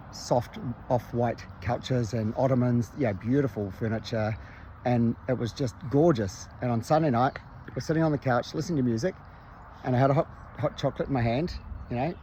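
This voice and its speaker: A man's voice: medium pitch, dark tone, slight background noise. A man candidly telling a personal story in a conversational, self-reflective way, recorded outdoors. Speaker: vlogger.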